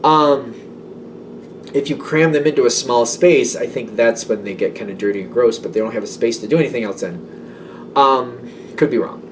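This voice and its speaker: A man's voice: medium pitch, moderate pace, recorded from a distance, noisy background. A man giving a casual tarot reading, rambling and self-doubting, with many fillers. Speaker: tarot reader.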